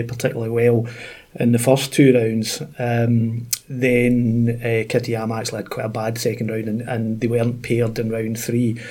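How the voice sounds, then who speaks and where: Husky Scottish man telling golf stories. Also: mid-range voice, dark tone. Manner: chatty storyteller, many fillers. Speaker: golf expert co-host. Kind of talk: casual podcast chat.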